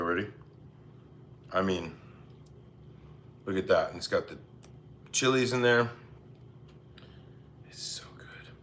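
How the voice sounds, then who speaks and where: A man hosting a casual cooking livestream from his home kitchen, chatty and laid-back, with quick apologetic asides as he reads chat. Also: low-pitched, fairly bright tone, a little hiss or hum.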